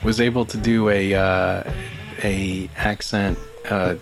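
Male podcast host, low voice, calm, rambling, self-amused, music bed behind. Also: takes it slowly. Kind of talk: casual solo monologue. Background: background music.

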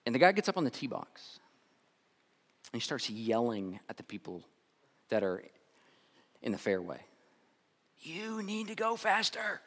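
A man's voice: lowish voice, big pitch swings, normal speed, pauses often. A male pastor giving a conversational sermon, telling stories and often restarting and repeating his words. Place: church sanctuary. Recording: long reverb.

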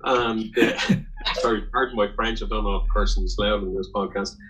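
A man's voice: lowish voice, fairly even intonation, brisk, background noise. Rambling Irish man telling a story. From Ireland. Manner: rambling, salty storyteller who swears. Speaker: podcast guest. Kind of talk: casual anecdote telling.

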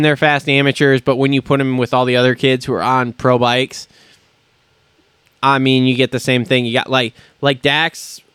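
A man's voice: mid-range voice, a bit bright, clean tone, no echo. A man hosting a motocross podcast, ranting heatedly with lots of swearing and mocking asides. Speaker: podcast host. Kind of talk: profane rant on a motocross podcast.

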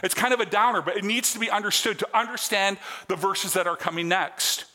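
A male pastor with a notably high, bright voice delivers an earnest sermon in a conversational way. His words carry a long reverb from a large church sanctuary. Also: a little fast. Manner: earnest, conversational preaching with check-ins to the congregation.

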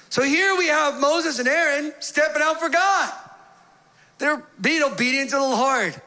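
Bright high-voiced man preaching a sermon. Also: measured pace. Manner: animated and conversational, with playful asides; reads scripture aloud, voicing the quoted figures. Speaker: pastor.

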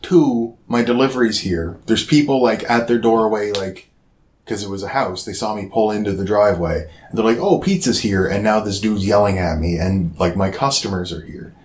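Low-voiced man telling a profane story. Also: moderate pace, slight background noise. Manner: profane, animated retelling with acted-out quotes. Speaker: storyteller in a casual podcast chat. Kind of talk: casual chat, storytelling.

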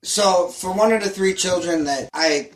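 High-voiced man venting in an echoey room. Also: measured pace, background noise. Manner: joking, profane venting. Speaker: podcast guest. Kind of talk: casual chat. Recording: roomy echo.

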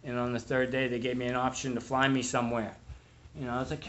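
A man's voice: mid-range voice, flat delivery, fast talker, fairly bright tone, lo-fi sound, slight background noise. A young man from Boston with a Boston accent, telling his recovery story to a crowd in a rambling, profane way full of "dude" and "like.". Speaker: speaker sharing recovery story. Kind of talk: storytelling to a live audience.

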